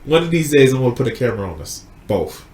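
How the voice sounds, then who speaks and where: A man hosting a loose podcast chat, retelling a story with plenty of cursing. His pitch moves in lively swings and he slips into acted-out quotes. The room is echoey. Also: fast. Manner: animated, swearing, acts out quotes. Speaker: podcast host. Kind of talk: casual chat retelling a film plot.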